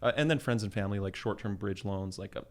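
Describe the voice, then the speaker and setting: A man in his thirties from Canada, casually telling a business story in an interview, animated and quick to laugh. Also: on the low side. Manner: animated storyteller, acts out quoted voices with laughs. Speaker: guest entrepreneur.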